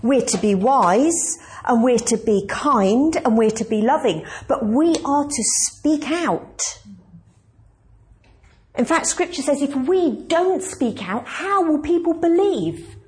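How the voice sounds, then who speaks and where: A woman's voice: high-pitched, animated, takes it slowly, a little mellow, a little hiss or hum. A woman pastor preaching a conversational, emphatic sermon and asking the congregation questions.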